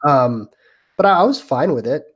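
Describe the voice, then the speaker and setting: A man's voice: a little high, normal speed. Easygoing man co-hosting a movie podcast. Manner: relaxed, reads from notes with fillers. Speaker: podcast co-host. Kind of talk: casual chat.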